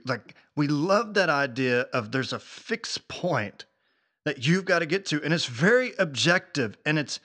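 A man hosting a faith talk, telling a story in a lively, conversational way with casual fillers. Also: on the high side. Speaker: faith podcast host.

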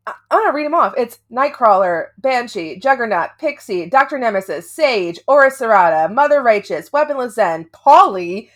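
A woman's voice: a little high, animated, moderate pace. A woman co-hosting a casual comics podcast, chatting in a rambling way with casual swearing. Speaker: podcast co-host.

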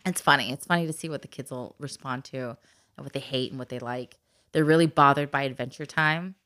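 A woman's voice: extremely low pitch, brisk. A woman hosting a casual podcast chat as an adoptive mother, telling stories animatedly, acting out quotes and laughing often. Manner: animated storyteller who acts out quotes in exaggerated voices and laughs often. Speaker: podcast host.

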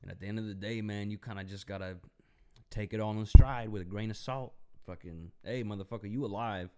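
A young man hosting a podcast, telling stories in profane, animated casual chat. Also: lowish voice, fairly quick, clean tone. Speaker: podcast host.

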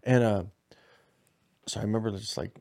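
A man's voice: fairly low pitch, steady tone, moderate pace, a little mellow. A man chatting casually on a podcast, telling a long story full of slang, swearing and restarts. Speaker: podcast co-host.

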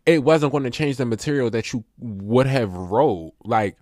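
A man's voice: mid-range voice, moderate pace, a little mellow, no room sound, clean studio sound. A man hosting his own podcast, talking casually and rambling with lots of fillers, getting emphatic when he rants. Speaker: podcast host. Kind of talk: casual solo podcast review.

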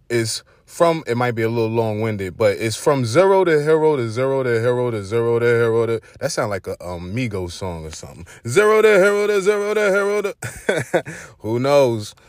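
A young man with a Brooklyn accent hosts his own vlog in a relaxed, slangy monologue. He talks loosely, restarting sentences and filling gaps with ums. His voice sits at an ordinary pitch and sounds dry and close. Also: no echo. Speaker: host.

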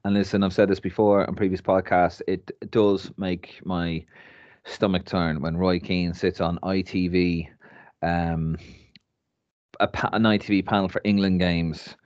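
A deep-voiced Irish man giving blunt, opinionated takes on a casual podcast and swearing freely. His voice is dry and close, with a slightly dull, muffled tone. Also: level tone, measured pace, darkish tone, no room sound. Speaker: podcast co-host.

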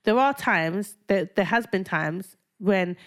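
A woman co-hosting a casual podcast chat. She talks animatedly and sounds exasperated, and her voice climbs high whenever she quotes someone. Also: takes it slowly. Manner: animated, exasperated, jumps higher when quoting. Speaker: podcast co-host.

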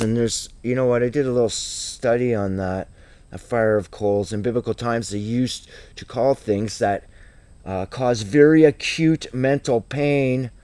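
A man's voice: medium pitch, dry recording. A man teaching a Bible study in an informal, rambling, emphatic way, full of asides and rhetorical questions.

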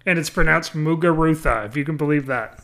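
A man's voice: fairly high pitch, quick pace, pushed and bright. A man running a playful spelling quiz for his co-hosts, chuckling as he reads out names and spellings. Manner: amused, chuckling quizmaster. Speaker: game quizmaster. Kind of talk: playful studio banter.

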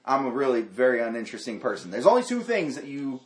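A man hosting a podcast in casual banter, animated and quick to laugh, trailing off and restarting sentences. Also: mid-range voice. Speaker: podcast host. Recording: roomy echo.

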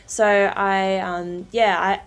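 Relaxed young woman musician on radio. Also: mid-range voice, drawn-out words. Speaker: musician guest. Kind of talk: radio interview chat.

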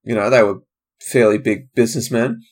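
A man's voice: lowish voice, steady tone, normal speed. A man, a comedian, hosting a solo podcast in a loose, rambling, digressive way, with frequent trailing-off asides. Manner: casual, loose and digressive, trailing off, many fillers.

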